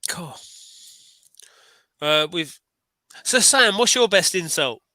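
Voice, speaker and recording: A man chatting casually on a livestream, enthusiastic and rambling, often restarting his sentences. His voice is bright and forceful, a little high for a man. The sound is dry and close. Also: animated, slow, no echo. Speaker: livestream co-host. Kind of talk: casual chat.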